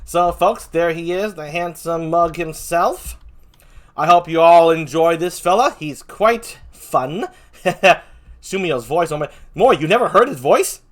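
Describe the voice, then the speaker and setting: Giggly high-voiced man hosting a stream. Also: unhurried. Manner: playful, giggly, big showman announcer bursts. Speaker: host. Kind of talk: casual livestream chat show.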